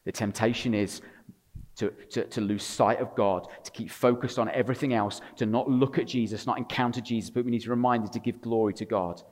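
A man preaching a sermon to a congregation, swinging between loud emphatic passages and quiet, intimate storytelling with a touch of wry humor. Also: mid-range voice, fairly even intonation, a little fast. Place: church. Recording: long reverb of a large room.

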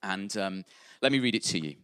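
A man with a fairly low voice delivers a sermon in a chatty, informal way, breaking off with fillers and playful asides as he reads scripture aloud. The sound is dry and close, with almost no room echo. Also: animated, brisk, a bit bright, smooth. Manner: conversational, jokey, self-interrupting with fillers. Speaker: preacher.

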